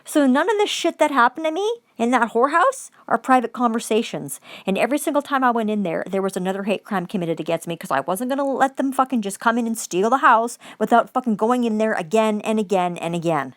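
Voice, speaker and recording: A woman's voice: fairly high pitch, animated, quick pace, hardly any pauses, no room sound. A woman giving an angry, profane vlog monologue, repeating phrases for emphasis.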